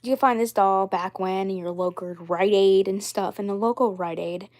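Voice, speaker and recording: A woman's voice: mid-range voice, fairly even intonation, normal speed, a little mellow. A young adult woman talking casually about her doll collection in a rambling, repetitive way with many fillers.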